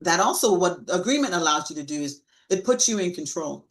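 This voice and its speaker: A woman giving a live-streamed sales training talk, coaching with lively emphasis and acting out sample lines to clients. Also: fairly low pitch, brisk, rough recording.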